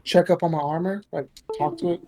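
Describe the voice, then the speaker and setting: A man's voice: on the high side, a little fast, a little mellow. A man playing a tabletop game over an online call, playful and eager. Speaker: player. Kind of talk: casual game chat.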